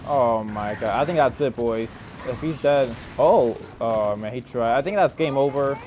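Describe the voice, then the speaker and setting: A man's voice: mid-range voice, normal speed, few pauses, a little hiss or hum. Young man muttering frustrated gameplay commentary. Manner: frustrated, self-deprecating, swears and mutters at teammates; mumbled, trailing asides with bursts of shouting. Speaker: gaming YouTuber.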